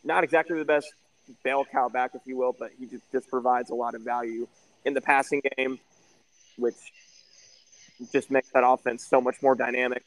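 A man's voice: medium pitch, fairly even intonation, normal speed, pauses often, no room sound, low-quality recording. Blunt man talking football stats outdoors. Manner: blunt, breaks down records and stats. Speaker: podcast co-host. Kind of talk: casual sports podcast chat. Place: backyard, outdoors.

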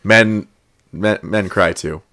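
A young adult man chatting casually about movies, telling animated stories and often laughing. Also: on the low side, takes it slowly. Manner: animated storytelling with frequent laughter.

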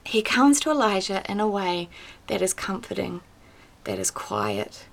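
A woman hosting a devotional podcast, talking earnestly and conversationally, shifting between emphatic points and soft, quiet moments. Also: medium pitch, wildly swooping pitch, unhurried, gravelly. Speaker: podcast host teaching on the Bible.

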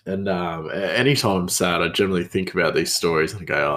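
A man's voice: deep voice, fast, few pauses, fairly bright tone. A man hosting a podcast, telling work stories in a rambling, casual way with many restarts. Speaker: podcast host. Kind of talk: casual storytelling monologue.

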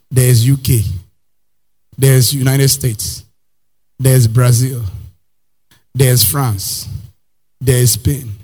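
A man preaching a sermon in a Nigerian accent, animated, acting out little scenes and slipping into pidgin phrases. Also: medium pitch. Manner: animated preaching, acts out characters, slips into pidgin. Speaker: pastor.

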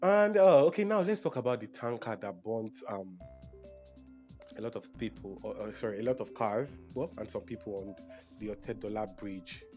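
A man's voice: lowish voice, animated, normal speed, darkish tone, faint music behind. Chatty Nigerian man musing aloud. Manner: chatty, self-correcting, emotional. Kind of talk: casual monologue.

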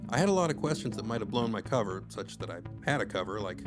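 A man's voice: on the low side, expressive, fast talker, hardly any pauses, music in the background. Wry man narrating a story. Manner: wry, conversational asides. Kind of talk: first-person story narration.

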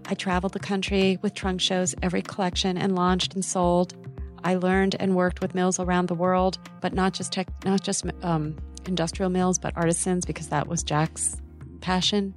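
With soft music playing in the background, a middle-aged author and textile designer shares a personal story in an interview. She has a lowish voice and a lively, candid manner full of quick asides.

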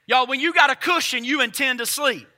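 A man's voice: very high-pitched, a little fast, sharp tone. A man preaching a sermon emphatically, firing rhetorical questions at his congregation. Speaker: pastor.

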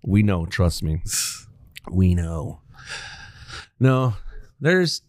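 A man with a low voice and a lively, bouncing pitch teases his co-host and talks straight to the listeners. He laughs often in casual podcast chat. The mic is dry and close. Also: very slow, no echo.

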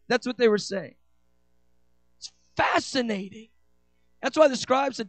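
A pastor preaching a sermon, rushing through quick asides, then slowing and rising into loud, shouted declarations. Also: male voice, very high voice, no echo.

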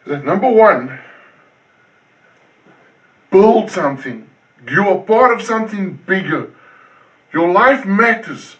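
A male pastor preaching a sermon, driving points home with repeated words and swinging between loud and hushed. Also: sits high, expressive, slow pace, long pauses. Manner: preaching with emphatic repetition, rising and falling intensity. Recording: distant, dull lo-fi sound.

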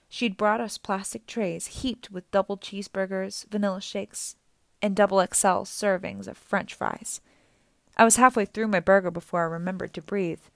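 A woman narrating a novel in the first person as an audiobook reader, with a steady storytelling delivery. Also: medium pitch, vocal fry, no echo.

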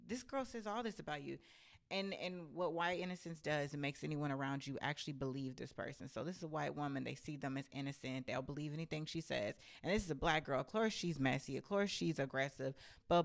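A woman telling a story from her own life in a blunt, animated and profane casual rant. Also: sits low, creaky.

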